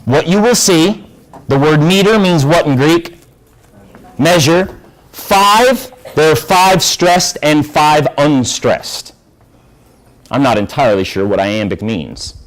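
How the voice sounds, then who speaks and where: A man's voice: fairly high pitch, slow, low-quality recording. A man teaching an English class, explaining and asking students questions. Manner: lively, asks the class questions. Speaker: high school English teacher.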